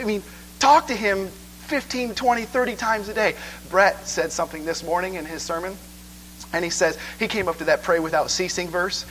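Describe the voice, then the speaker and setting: A man preaching a sermon in church, conversational and animated, asking "okay?" again and again. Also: sits high, a little hiss or hum, poor audio.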